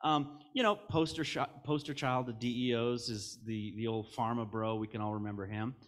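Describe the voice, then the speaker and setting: A middle-aged American man speaks into a stage microphone at a conference keynote. His pitch sits in an ordinary middle range. He talks candidly and with humor, acting out quoted asides as he tells stories. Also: normal speed. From United States. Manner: candid, jokey, animated storytelling with quoted asides.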